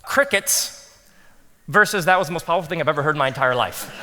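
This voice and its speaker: A man speaking to a room of pastors, telling funny stories from his own work and acting out his inner thoughts in a hushed voice. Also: on the high side, quick pace. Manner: animated storytelling, acts out quoted inner thoughts in hushed tones. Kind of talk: conference talk with humorous stories. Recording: long hall reverb.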